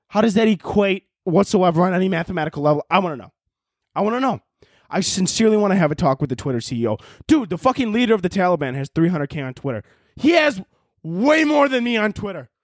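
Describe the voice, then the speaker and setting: High-pitched ranting young man, dry sound. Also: dry recording. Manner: swears a lot, voice jumps high when worked up. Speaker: podcast host. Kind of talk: comedic rant.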